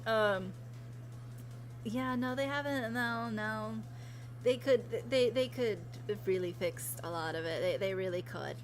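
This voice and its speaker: A loud, animated woman chats on her live stream, her voice sitting in a mid range. She turns emphatic and repeats herself when she rants. Soft music plays faintly underneath. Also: medium pitch, a little slow. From Latin America. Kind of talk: casual live-stream chat.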